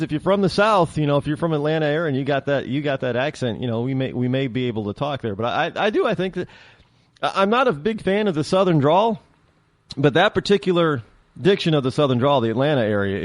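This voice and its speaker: A man's voice: mid-range voice, no echo, studio quality. A man hosting his own talk show, delivering a rambling, opinionated monologue with many restarts and fillers.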